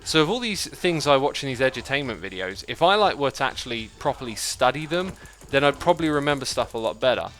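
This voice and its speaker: Speaking quickly with hardly any pauses, a man uses a mid-range, fairly bright voice full of big pitch swings. He hosts a livestream, casually chatting and thinking aloud as he plays a building game and reads out messages from viewers.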